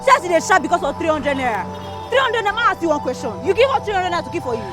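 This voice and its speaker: An actress playing a sharp-tongued bus conductor, arguing loudly with a Nigerian accent. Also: female voice, very high voice, sing-song, very fast. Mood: combative. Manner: loud, argumentative, mocking in Pidgin. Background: background music.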